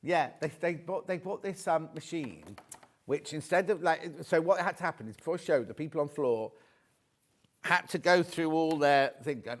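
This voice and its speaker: A man's voice: fairly high pitch, moderate pace. A man presenting on a live shopping channel, chatty and rambling with joking asides.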